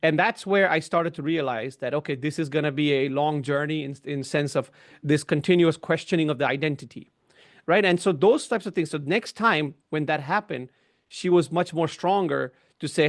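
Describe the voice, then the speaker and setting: Webinar guest, middle-aged male, a bit high-pitched, explanatory, leans on "right?" and "you know". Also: moderate pace. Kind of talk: conversational webinar discussion.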